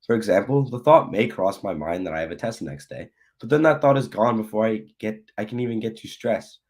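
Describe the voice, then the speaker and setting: A young man, a student, reciting a prepared personal speech in a steady, scripted way with touches of humor. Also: lowish voice, a little fast.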